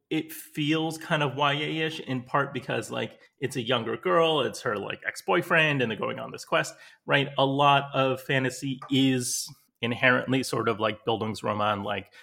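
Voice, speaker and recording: Male literary agent, relaxed conversational critique, plain mid-pitch voice, upbeat and direct. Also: creaky. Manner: conversational, frequent "right?" and "like". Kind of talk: critique of a query letter.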